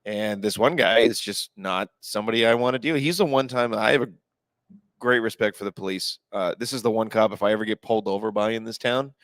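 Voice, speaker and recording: A man co-hosting a podcast, chatting casually and relaxed about working in the bar trade. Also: fairly low pitch, fast talker, no room sound. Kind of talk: casual chat.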